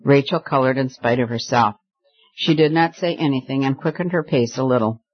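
A man's voice: medium pitch, brisk, slightly rough. Man reading a novel aloud. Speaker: audiobook narrator. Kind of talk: scripted narration. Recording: slightly dull lo-fi recording.

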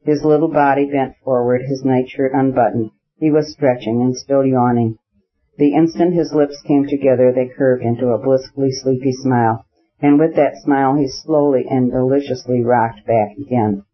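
This audiobook features a man reading a classic novel at a calm, even pace. His voice sits at medium pitch, and the sound is a little muffled.

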